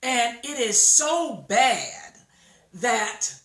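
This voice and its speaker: A woman preaching a sermon, telling a story slowly and emphatically and acting out the quotes. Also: a little high, animated, a bit bright. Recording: echoey room, voice from far off mic.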